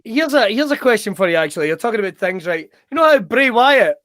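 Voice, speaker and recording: Scottish male host, higher voice, dry close sound, sweary excitable banter. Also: quick pace, no echo. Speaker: podcast host. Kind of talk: casual chat.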